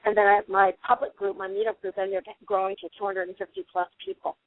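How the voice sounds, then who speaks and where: Middle-aged woman, animated storyteller, radio interview guest, thin phone-line sound, dead dry. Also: mid-range voice, fast, dry recording. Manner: talkative and animated, tells long stories. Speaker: guest, paranormal investigator.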